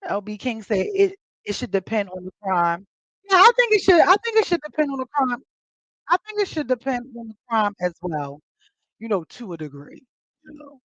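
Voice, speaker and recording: A woman's voice: a little high, very animated, normal speed, fairly bright tone, no echo, lo-fi sound. A woman hosting a casual chat with her audience, telling stories animatedly and acting out quoted lines with big jumps in her voice. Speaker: host.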